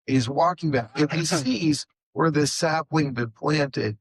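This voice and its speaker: A man on a conference panel with a somewhat husky voice, retelling a story in a halting but lively way, full of ums and restarts. His voice is recorded close and dry. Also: on the high side, no echo, rough recording. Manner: halting, animated storyteller with many fillers. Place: conference session room.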